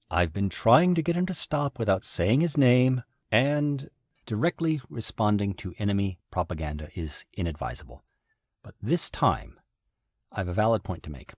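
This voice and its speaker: A man telling a story in a casual commentary, wry and animated, with sudden jumps in pitch. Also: dry recording, studio quality. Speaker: video essayist recounting events.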